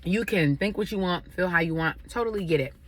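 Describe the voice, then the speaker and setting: A woman's voice: on the low side, a little fast, husky, dry recording. A woman chatting casually to her viewers while eating a meal, giving relationship advice. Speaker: vlogger sharing advice. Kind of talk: casual chat over a meal.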